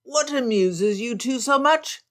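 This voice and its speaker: A woman doing a loud, excitable young gentleman. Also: mid-range voice, unhurried, creaky, voice pushed up. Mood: teasing. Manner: loud, teasing and exclamatory. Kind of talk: audiobook character voice.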